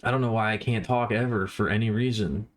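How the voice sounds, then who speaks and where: A man's voice: fairly low pitch, fairly even intonation, a little fast. A man livestreaming, rambling casually and poking fun at himself while chatting with his viewers.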